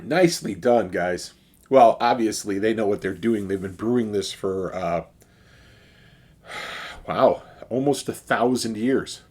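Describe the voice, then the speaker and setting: A man's voice: fairly low pitch, slow pace, husky. A middle-aged man with a Chicago accent, chatting casually as he reviews a beer in his video. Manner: relaxed and chatty, with fillers and sighs.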